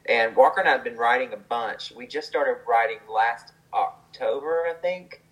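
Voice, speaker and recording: A man's voice: mid-range voice, normal speed, a bit bright, low-quality recording. A man, a songwriter, telling a story in a casual, chatty way, with lots of fillers and the odd laugh.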